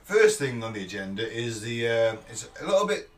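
A man co-hosting a podcast, talking in a rambling, sweary way and quick to agree with the others. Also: mid-range voice, very animated, a bit bright, far from the mic, slight background noise. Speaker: podcast co-host. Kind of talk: casual chat.

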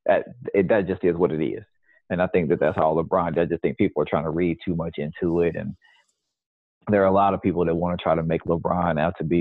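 A man in his forties co-hosting a podcast, calmly laying out his view in casual sports chat. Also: deep voice, vocal fry, dry recording. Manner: measured, explains his view at length. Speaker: podcast co-host. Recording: tinny phone-line sound.

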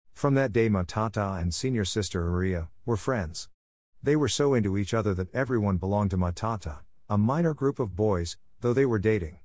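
A man narrating a storybook tale in a steady, unhurried reading voice. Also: lowish voice, dry recording, clean studio sound.

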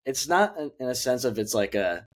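A young man co-hosting a podcast talks briskly at a medium pitch, his voice swinging widely up and down. He chats about movies in a rambling, casual way, full of fillers and restarted phrases.

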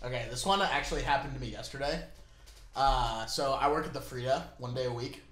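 A man's voice: mid-range voice, fairly quick, fairly bright tone, echoey room. A young man and podcast co-host in casual chat, joking, teasing and swearing freely.

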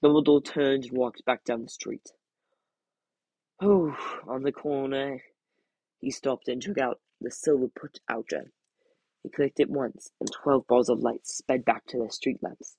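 Man, podcast host, book read-aloud, gravelly, husky, dry sound. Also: mid-range voice, no echo, rough recording. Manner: steady, plain reading with small slips and restarts. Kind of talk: reading a novel aloud and reviewing it.

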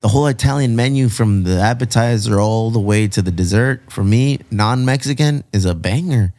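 A man's voice: mid-range voice, normal speed, no echo. A man hosting a podcast, chatting casually and playfully, dropping in Spanish words now and then. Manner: animated, playful, slips into Spanish. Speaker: podcast host.

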